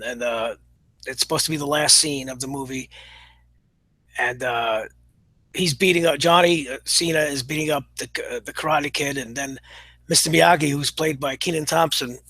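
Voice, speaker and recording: Halting, opinionated man, husky bright voice. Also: on the high side, no echo, low-quality recording. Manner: halting, full of pauses and "uh" fillers; blunt, opinionated. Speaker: show reviewer. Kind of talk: casual spoken review.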